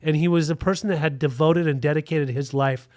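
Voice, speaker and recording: A man's voice: fairly high pitch, fairly even intonation, fairly quick, darkish tone, dry recording, studio quality. A man in his forties telling a frank, rambling story in a casual podcast interview, with plenty of "like" fillers.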